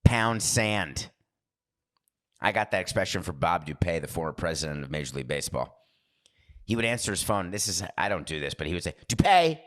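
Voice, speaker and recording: Rambling low-voiced male podcast host. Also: lively intonation, brisk, fairly bright tone. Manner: rambling, digressive, self-interrupting. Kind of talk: casual monologue.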